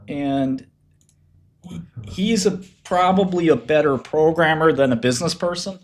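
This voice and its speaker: A man's voice: fairly high pitch, lively intonation, normal speed. A man chatting casually on a livestream, blunt and profane, laughing often and acting out what other people said. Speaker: streamer talking about business.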